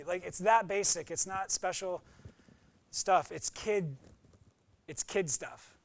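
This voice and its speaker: High, gravelly preaching man. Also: a little slow, no echo. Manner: conversational, emphatic, acts out quotes. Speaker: pastor. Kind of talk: sermon.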